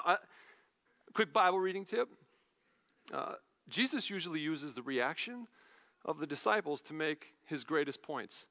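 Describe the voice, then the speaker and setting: A man preaching a sermon, retelling a Bible story in a lively, casual storytelling manner. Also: high voice, long reverb tail. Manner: animated storytelling, paraphrases Bible figures in casual voices. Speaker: pastor.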